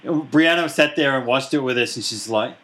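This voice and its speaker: A man's voice: mid-range voice, moderate pace, fairly bright tone. A man hosting a podcast in casual chat, rambling and laughing often as he retells a show. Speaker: podcast host.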